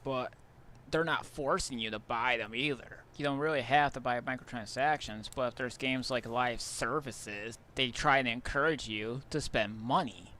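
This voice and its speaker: A man's voice: medium pitch, moderate pace, pushed and bright, slight background noise. A man giving argumentative video commentary, arguing indignantly about game microtransactions. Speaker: YouTuber in a clip being reacted to.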